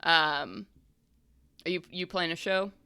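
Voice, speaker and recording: A woman's voice: lowish voice, slow, gravelly, sharp tone. A woman narrating a tabletop game as game master, in a loose, rambling way full of fillers.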